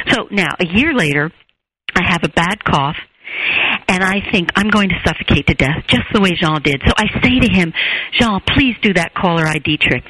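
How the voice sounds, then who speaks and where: A woman therapist, a radio guest, telling a personal story with lively, expressive delivery and acted-out quotes. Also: no echo, low-quality recording. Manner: expressive, acts out quoted voices with big pitch jumps. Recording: radio show.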